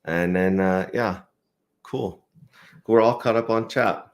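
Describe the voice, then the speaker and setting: Deep-voiced man hosting a chat stream. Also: slow pace. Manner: relaxed, reads chat aloud with fillers. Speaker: host. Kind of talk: casual livestream chat.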